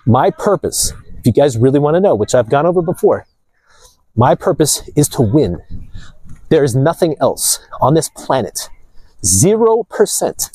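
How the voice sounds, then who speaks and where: A man vlogging outdoors near the ocean, ranting casually to his viewers in a preachy, animated way. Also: a little high, moderate pace, breathy edge, dry recording, low-quality recording. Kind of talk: casual outdoor rant to camera.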